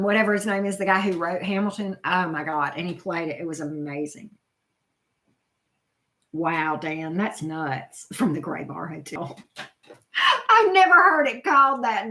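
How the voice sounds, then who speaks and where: This middle-aged woman runs a laid-back live stream, responding chattily to comments and the names of the people posting them, exclaiming all the while. Her mid-range voice sounds pushed and bright.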